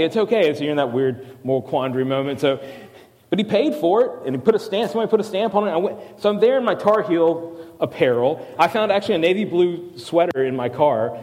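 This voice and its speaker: A man preaching a sermon as a fill-in preacher, telling a story and joking at his own expense. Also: on the high side. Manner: animated storyteller, self-deprecating jokes. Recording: long hall reverb.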